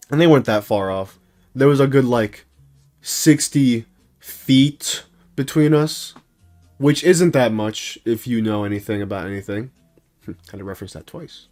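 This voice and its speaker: A man's voice: mid-range voice, normal speed, a little mellow. A young man telling a comedic story to his viewers, hyped and jokey. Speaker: storytime video creator.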